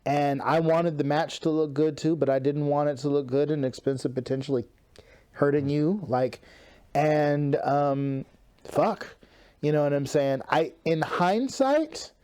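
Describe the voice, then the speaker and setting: A man's voice: on the high side, unhurried, a little mellow, smooth. A man giving casual commentary on an old match, rambling and restarting, laughing easily. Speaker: wrestling partner.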